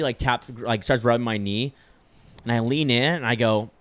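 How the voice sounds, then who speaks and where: A man's voice: medium pitch, steady tone, brisk, no room sound. A young man telling a long story in casual chat, rambling with lots of filler words and swearing freely. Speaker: podcast storyteller.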